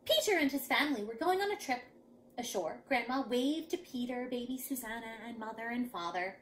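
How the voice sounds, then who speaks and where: Animated woman reading to children. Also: fairly high pitch, a little fast, a little hiss or hum. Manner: animated, dramatic. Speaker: children's storyteller. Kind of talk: reading a picture book aloud to children.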